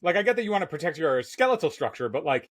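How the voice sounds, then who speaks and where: A man's voice: a little high, big pitch swings, quick pace, no echo, clean studio sound. A man co-hosting a casual card game podcast, laid-back and saying "dude" a lot. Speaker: podcast co-host.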